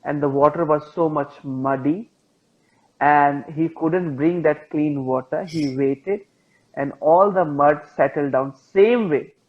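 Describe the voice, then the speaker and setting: An Indian-accented man teaches meditation through a patient, repetitive story, his voice a touch higher than most men's. The sound is dull and lo-fi, like a live online call. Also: slow. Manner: gentle, repetitive, patient phrasing.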